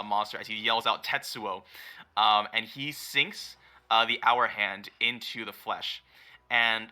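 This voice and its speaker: A man's voice: lowish voice, bright, forceful tone. A man running a tabletop game as dungeon master, narrating with many fillers and easy laughs.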